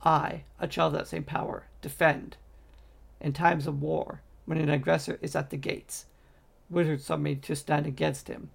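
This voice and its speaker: A man's voice: fairly high pitch, little pitch movement, moderate pace, gravelly, husky, exaggerated voice. A man voicing a female angel of vengeance who speaks in an earnest, pleading way.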